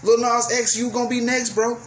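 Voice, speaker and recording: A young man with a high-pitched voice rants as host of his own radio show, cursing freely and veering between yelling and apology. Faint ambient noise sits under his voice. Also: level tone, fairly quick. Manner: profane, heated, swings from yelling to apologetic. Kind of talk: ranting monologue.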